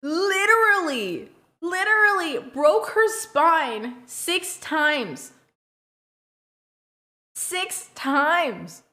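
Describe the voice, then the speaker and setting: A woman streamer tells a story to her chat in an animated, blunt way, swearing freely and often breaking into laughter. Her voice sits high and sounds bright and sharp. The recording has a roomy echo. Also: very slow, pauses often.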